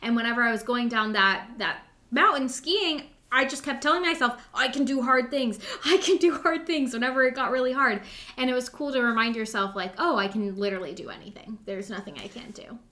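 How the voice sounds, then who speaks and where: This podcast co-host is a young woman whose fairly high, sharp voice moves a little fast. Her storytelling is breezy and upbeat, packed with "like" and acted-out dialogue.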